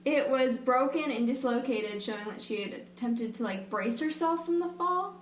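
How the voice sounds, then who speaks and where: Young female podcast co-host, dry and skeptical, slightly high voice, echoey room. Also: lively intonation, normal speed, a little hiss or hum. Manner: wry, skeptical asides. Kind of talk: casual true-crime chat.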